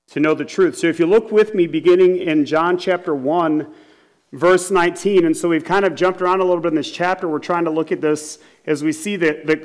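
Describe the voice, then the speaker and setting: A middle-aged man with a high voice preaches to his congregation. He tells stories and acts out the people he quotes. He drives his points home with emphatic, repeated questions. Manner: storytelling with acted quotes, rising to emphatic repetition. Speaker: pastor. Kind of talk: sermon.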